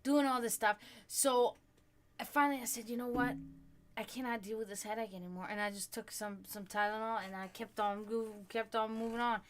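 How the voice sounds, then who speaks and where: A woman hosting a livestream, chatting casually with her viewers and telling stories in an animated, profane way. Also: fairly high pitch, fairly quick. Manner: chatty, swearing freely, animated storytelling. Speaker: livestream host. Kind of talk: casual chat with stream viewers.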